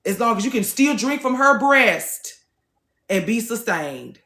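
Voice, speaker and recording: A woman's voice: a little high, very animated, measured pace, sharp tone, roomy sound. A woman hosting a TikTok live, talking casually to her viewers in a blunt, preachy way and swearing freely.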